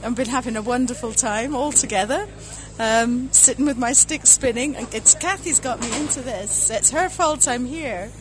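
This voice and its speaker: A woman's voice: fairly high pitch, normal speed, few pauses, over music, poor audio. Effusive older woman, Welsh-Scottish accent. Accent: Welsh with Scottish mix. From Wales. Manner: warm, effusive, polite. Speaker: visiting craft spinner.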